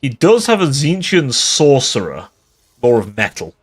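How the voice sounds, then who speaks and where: A man's voice: mid-range voice, huge pitch swings, measured pace, breathy edge. A tipsy man giving casual livestream commentary on a strategy game, swearing often and laughing between remarks. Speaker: game streamer.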